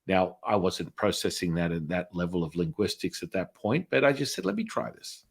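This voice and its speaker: Middle-aged male storyteller, lowish voice, chatty interview guest, does the other people's voices. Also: brisk, husky. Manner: animated storyteller acting out quoted voices. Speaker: spiritual healer guest.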